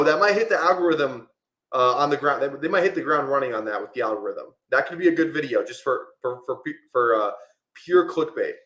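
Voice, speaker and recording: A man chats loosely through a live fantasy football draft, circling back on his thoughts with plenty of fillers. His voice sits at an ordinary middle pitch. A roomy echo hangs around it. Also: fairly bright tone. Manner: rambling, casual, lots of "like" fillers. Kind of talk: live-stream draft commentary.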